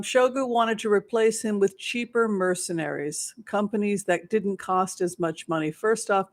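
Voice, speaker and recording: Rambling psychic host, mid-pitched. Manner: rambling with restarts and acted-out quotes. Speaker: psychic remote viewer. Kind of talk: live question-and-answer monologue.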